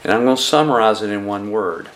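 A man preaching a sermon to his congregation, deliberate and measured, posing rhetorical questions to his listeners. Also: lowish voice, fairly bright tone. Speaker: pastor.

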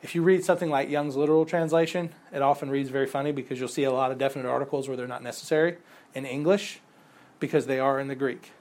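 A man's voice: medium pitch, fairly even intonation, quick pace, a little mellow. A man teaching a Bible class, explaining patiently, repeating key points and quizzing his students, with the odd chuckle at his own examples. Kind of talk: classroom lecture.

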